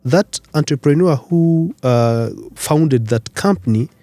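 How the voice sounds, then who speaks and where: A man from Rwanda, a career expert guest on a radio interview, explaining in numbered points with lively emphasis. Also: fairly high pitch, takes it slowly, dry recording. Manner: animated, lecturing in numbered points. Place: radio studio.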